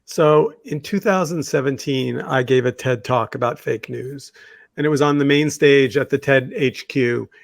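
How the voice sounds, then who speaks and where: A podcast co-host tells stories in a rambling, conversational way, full of fillers and restarts, during a casual talk-show discussion. His voice is mid-range with vocal fry, moderately paced, and the recording is dry.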